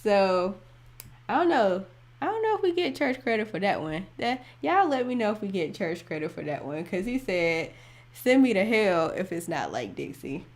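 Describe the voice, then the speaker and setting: Chatty woman hosting a slow-paced livestream. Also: medium pitch, darkish tone. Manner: chatty, laughs often, thinks aloud while reading viewer messages. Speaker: livestream host reacting to music. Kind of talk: casual livestream chat.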